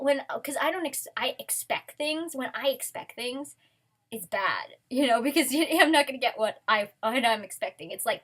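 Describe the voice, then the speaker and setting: A woman vlogger in a casual, rambling chat, excitable and full of restarts. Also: a little high. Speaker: fan vlogger.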